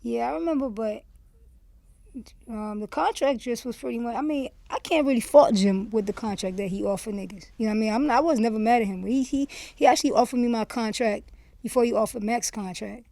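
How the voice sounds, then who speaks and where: As an interview guest, a former rapper from Miami, USA, tells a loose, candid story in a warm, relaxed, mid-range voice with vocal fry. She gets animated, acting out quoted back-and-forth and repeating "you see what I'm saying." The recording is dry and close.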